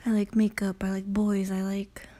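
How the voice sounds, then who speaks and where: The host of this casual solo podcast is a woman in her late teens whose medium-pitched, mellow voice comes out completely flat at a moderate pace. She rambles self-consciously, swears often, and fills silences with "you know" and "I don't know."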